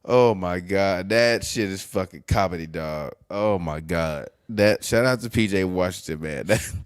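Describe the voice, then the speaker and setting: A man co-hosting a podcast, reacting live to a basketball game with excitable, profane mock play-by-play. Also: sits low, a little slow, clean tone, no echo, studio quality. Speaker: podcast co-host.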